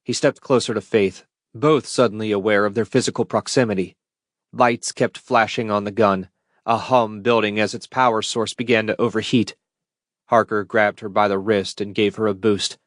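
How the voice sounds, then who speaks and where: A man with a lowish voice narrates an audiobook at a steady, measured pace. The recording is dry and close, with no room sound. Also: no echo. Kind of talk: scripted narration.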